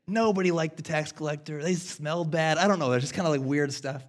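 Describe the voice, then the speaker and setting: An American man in his thirties preaching a sermon, earnest and self-deprecating, swinging between loud and hushed. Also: on the high side, a little fast, hardly any pauses. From United States. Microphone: headset.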